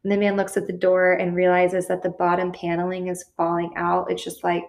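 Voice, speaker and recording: A woman's voice: lowish voice, monotone, a little fast, vocal fry, a little mellow. A woman hosting a podcast, casually recounting a true crime story with fillers and the odd curse. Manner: casual retelling with cursing and fillers. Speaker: podcast host.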